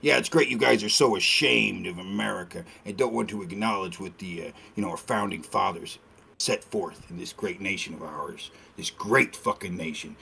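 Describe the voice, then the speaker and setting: A man talking as a guest on a casual podcast, ranting in an animated, profane way and slipping into mocking impressions. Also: low voice, moderate pace, vocal fry, a little hiss or hum. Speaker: guest streamer.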